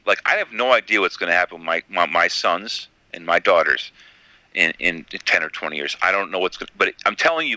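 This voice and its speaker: A man's voice: mid-range voice, pushed and bright, no room sound, poor audio. Blunt, swearing man in a heated debate. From United States. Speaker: podcast host.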